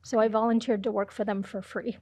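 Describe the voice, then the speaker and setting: A woman's voice: medium pitch, flat delivery, fairly quick, dark tone, dry recording. A middle-aged woman from Ohio, a podcast guest answering questions in a hesitant way with frequent fillers. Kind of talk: interview answers.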